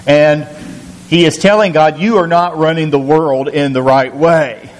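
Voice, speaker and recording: A man's voice: fairly high pitch, fairly even intonation, unhurried, big-room sound, rough recording. A man teaching a recorded Bible lesson in an earnest, questioning way, often repeating words as he thinks.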